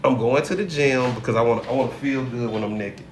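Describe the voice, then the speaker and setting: A middle-aged man and hypnotherapist giving a live teaching talk, conversational and animated, with rhetorical questions to his viewers. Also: medium pitch, quick pace. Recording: roomy room with faint noise.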